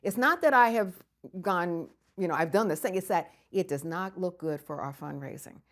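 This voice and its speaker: An older woman from the United States, recounting memories in an interview with lively storytelling and frequent laughter. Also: lowish voice, normal speed. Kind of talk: oral history storytelling.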